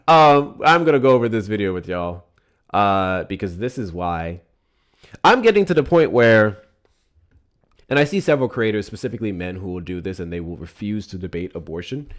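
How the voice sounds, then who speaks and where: Deep-voiced, animated male stream host. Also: normal speed, long pauses. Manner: animated, blunt, heated. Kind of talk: political call-in stream.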